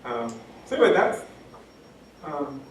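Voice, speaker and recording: Speaking at a measured pace with a sing-song, medium-pitched voice, a male education scholar lectures passionately. He leans on repeated phrases and frequent ums, recorded from a distance in a heavily echoing hall with faint noise.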